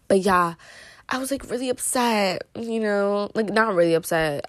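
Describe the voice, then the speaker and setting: A woman's voice: medium pitch, normal speed, no echo. A teenage girl tells a story in a loose, rambling way, leaning on "like" and "you know" throughout. Her delivery is playfully dramatic and joking. Her voice is recorded dry and close, with no room sound. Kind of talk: casual storytime monologue.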